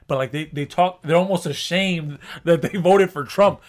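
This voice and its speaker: A man's voice: on the high side, brisk, few pauses. A man co-hosting a podcast in casual chat, rambling with restarts and swearing. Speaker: podcast co-host.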